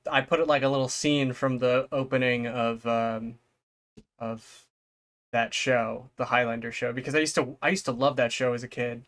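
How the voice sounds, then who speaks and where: A man chatting casually as a podcast guest, easygoing and quick with jokes. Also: mid-range voice, steady tone, fairly bright tone. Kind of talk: casual chat.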